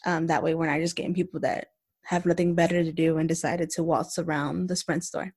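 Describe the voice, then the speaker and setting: A woman co-hosting a casual podcast, candid and blunt, telling animated stories from her workday. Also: low-pitched, fairly quick, breathy edge. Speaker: podcast co-host.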